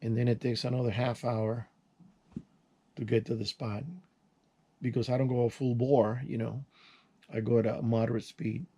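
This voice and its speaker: An older man talks in a relaxed, mellow tone, drifting from one story to the next as he works with his hands. His delivery is folksy and unpolished, full of restarts and sound words like "boom.". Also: normal speed, long pauses, breathy edge, highs cut off. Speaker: channel host. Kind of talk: casual vlog storytelling while working.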